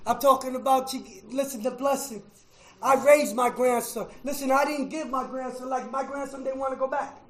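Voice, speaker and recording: A middle-aged man telling his recovery story to a meeting, emotional, with a preacher-like rhythm, going from hushed to shouting and repeating "man.". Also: extremely high pitch, fairly even intonation, moderate pace, roomy sound, poor audio. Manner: preacher-like, repeats phrases, says "man" often. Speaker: recovery speaker at a fellowship meeting. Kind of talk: personal testimony to an audience.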